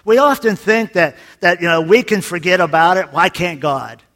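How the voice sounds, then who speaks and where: A man preaching a folksy sermon, his voice sitting a little higher than most men's. He drops to a near-confiding hush, then swells into loud emphasis, and breaks up the teaching with jokes. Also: animated, normal speed, hardly any pauses. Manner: folksy, tells jokes, swings from soft to loud. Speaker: pastor.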